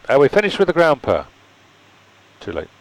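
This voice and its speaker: A man's voice: on the high side, huge pitch swings, fairly quick, vocal fry, low-quality recording. A man flying a home flight simulator who chats casually and explains things with dry jokes. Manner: joking, explains things wryly. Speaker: simulator pilot.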